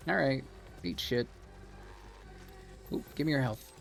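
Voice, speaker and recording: A male streamer giving casual gameplay commentary in a gravelly voice. He talks slowly but with a lively, swinging pitch, laughing often and swearing casually. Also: a little hiss or hum.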